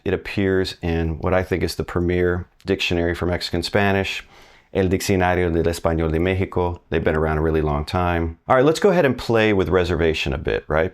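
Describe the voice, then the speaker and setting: A man teaching a recorded language lesson, talking conversationally, quizzing the learner and saying example phrases slowly. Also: sits low. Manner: asks the learner questions and pauses for answers. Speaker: Spanish teacher.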